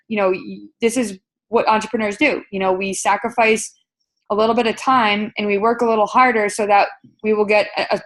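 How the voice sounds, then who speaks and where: A woman at a mid-range pitch talks a sales team through a webinar training. She coaches in an upbeat, conversational way, full of fillers and restarts.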